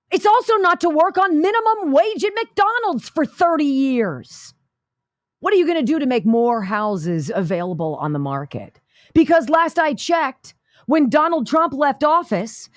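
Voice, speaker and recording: A woman's voice: high voice, dry recording, clean studio sound. A female radio talk show host giving sarcastic, combative political commentary. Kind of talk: political commentary over played clips.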